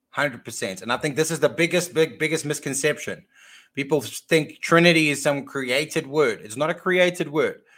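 A man's voice: fairly high pitch, fairly bright tone. Emphatic man arguing theology. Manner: emphatic, repeats key phrases. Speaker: podcast co-host. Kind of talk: casual theology discussion.

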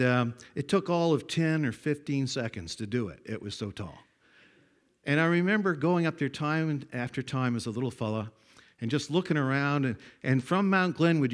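Folksy older man preaching with stories. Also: mid-range voice. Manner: folksy storytelling, swings from hushed to loud. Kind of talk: sermon.

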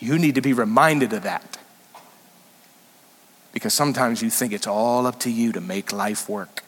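A man preaching a sermon as senior pastor, animated and emphatic, sometimes rising suddenly loud. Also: medium pitch, moderate pace, long reverb tail.

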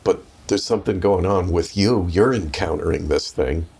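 A very deep, husky male interviewer with a gravelly edge asks gentle, probing questions. He mostly gives short murmured affirmations while his guest speaks. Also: moderate pace. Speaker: podcast host, interviewer. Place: guest's home.

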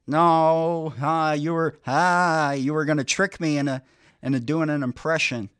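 Old-time wisecracking comedian as a man impersonates him, halting, drawn-out ahs, dry sound. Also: a little high, fairly even intonation, fairly bright tone, smooth, no room sound, voice pushed up. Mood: mock indignant. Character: impression of a veteran male comedian, wisecracking.

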